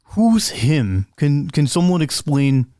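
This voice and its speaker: A man voicing a waddling, befuddled male character in a tabletop game, talking in a halting, puzzled way. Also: on the high side, very animated, mellow, no room sound, studio quality. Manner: halting, puzzled, asks for explanations. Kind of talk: tabletop role-play voicing.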